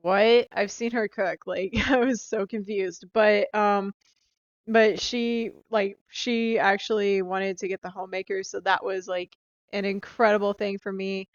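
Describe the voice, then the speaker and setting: Young woman, casual vlog, chatty, upbeat, clear voice, phone-held mic, dull sound. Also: medium pitch, fairly even intonation, unhurried, no room sound. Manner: chatty, filler-heavy, upbeat. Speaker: sales rep. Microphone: handheld phone.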